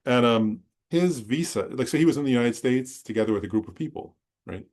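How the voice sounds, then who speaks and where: A Buddhist teacher gives a dharma talk, telling a personal story in a loose, rambling way and often checking that listeners are following. His medium-pitched voice is animated and a little mellow, and he speaks fairly quickly.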